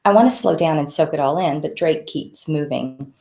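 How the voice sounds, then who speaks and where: A woman author reads her novel aloud, conversational and unhurried. Her voice is low with a gravelly texture, and the recording is echoey. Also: a little mellow. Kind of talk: audiobook reading of her novel. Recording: echoey room.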